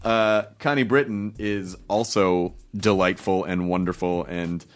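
A man's voice: deep voice, fairly even intonation, unhurried. A man hosting a podcast, trading jokes and casual banter with co-hosts and often laughing at his own riffs. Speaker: podcast host.

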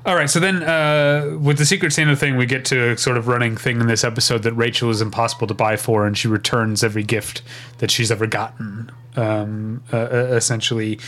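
A man's voice: mid-range voice, little pitch movement, brisk, fairly bright tone. A man from Saint Louis with a Saint Louis accent, co-hosting a casual podcast chat and often stumbling over his words. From Saint Louis, Midwest. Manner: hesitant, repeats words and restarts, self-deprecating. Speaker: podcast co-host. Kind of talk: casual chat recapping a sitcom.

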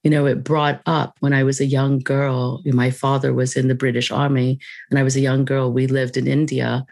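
A woman guest on a podcast, telling a personal story in a reflective, unhurried way, laughing lightly between thoughts. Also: a bass voice, flat delivery, a little mellow, dry recording. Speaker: podcast guest, mindfulness teacher.

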